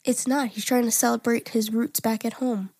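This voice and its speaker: A woman's voice: a little high, flat delivery, normal speed, darkish tone. A young woman from Staten Island with a New York accent, co-hosting a casual podcast chat in a playful, teasing way. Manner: playful, teasing, does mock voices. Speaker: podcast co-host.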